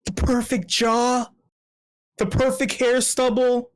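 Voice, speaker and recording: A man with a very high voice and little pitch movement speaks slowly while hosting an online meetup. In this casual livestream chat he rambles through profane comic rants, full of restarts and repeated words.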